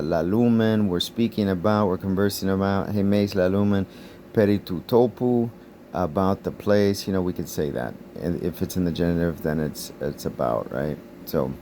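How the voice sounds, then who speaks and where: A man teaching Koine Greek in a casual, explanatory way. He thinks aloud, pauses to recall words and chuckles lightly as he goes. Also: low voice, dark tone, slight background noise.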